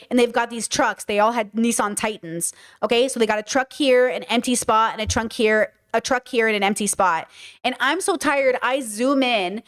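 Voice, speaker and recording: Higher-voiced woman host swearing a lot, blunt and animated, casual stream storytelling. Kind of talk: casual storytelling to a livestream audience.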